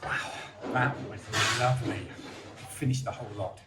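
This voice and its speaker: Chatty man vlogging over loud noise. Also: medium pitch, normal speed. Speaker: vlogger host. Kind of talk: casual vlog chat.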